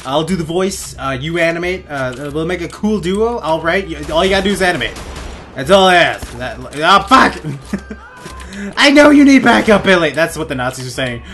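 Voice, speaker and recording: A young man giving crude, goofy gameplay commentary on a headset in his bedroom, often laughing and yelling out suddenly. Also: a little high, a little fast. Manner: goofy, giggly, crude jokes, sudden loud outbursts. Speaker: gaming let's play host.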